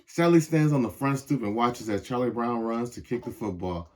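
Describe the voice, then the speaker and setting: A young man reading a picture book aloud to children in a measured, expressive way. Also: medium pitch. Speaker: storybook reader.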